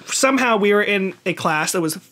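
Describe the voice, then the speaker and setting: A man's voice: high voice, lively intonation, a little fast, over a noisy crowd. A young man co-hosting a casual podcast chat, telling stories with lots of "like" fillers and acted-out quotes. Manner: rambling storyteller, many "like" fillers, acts out quotes. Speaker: podcast co-host.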